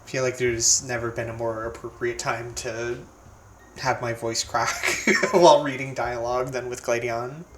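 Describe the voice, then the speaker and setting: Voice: medium pitch, fairly even intonation, moderate pace, a little hiss or hum. A streamer chatting casually over a game, self-deprecating, with stammered restarts. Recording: roomy sound with faint game music.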